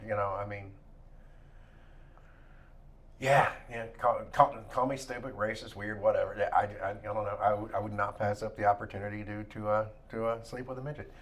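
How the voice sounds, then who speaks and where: A man's voice: fairly low pitch, steady tone, a little fast. A man co-hosting a comedy podcast, talking in crude, rambling banter and laughing often. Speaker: podcast co-host.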